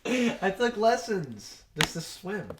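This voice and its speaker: A man's voice: high voice, sing-song, takes it slowly, noisy background. A young man co-hosting a podcast in casual chat, telling a rambling story with laughs. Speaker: podcast co-host.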